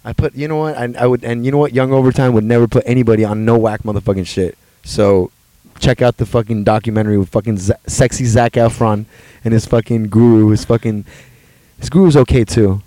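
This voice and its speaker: A man's voice: medium pitch, fairly quick, no room sound. A man co-hosting a podcast in casual chat, swearing constantly and laughing often. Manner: profane, excitable, laughs often. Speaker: podcast co-host.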